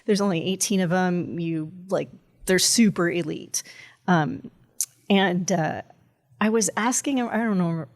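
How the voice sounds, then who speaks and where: A woman's voice: fairly low pitch, a little slow, a little mellow. A woman guest on a podcast, a cybersecurity strategist talking in a chatty, rambling way, full of fillers and laughs. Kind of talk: casual conversation.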